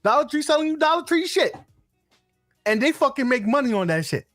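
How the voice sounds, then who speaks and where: A man co-hosting a casual gaming podcast, joking and swearing through animated banter. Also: very high voice, brisk, dry recording, studio quality, soft background music. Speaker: podcast co-host.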